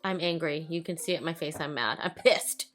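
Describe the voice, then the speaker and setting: A makeup vlogger with a low-pitched, slightly bright voice talks briskly over her tutorial, chatty and self-mocking, swearing freely and talking to herself like an onlooker. Faint music plays behind her.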